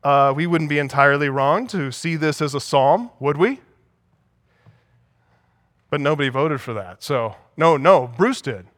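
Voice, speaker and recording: A man's voice: on the high side, animated, a little slow, pauses often, fairly bright tone, no room sound, studio quality. A man preaching a sermon as pastor, teaching and asking the congregation for agreement.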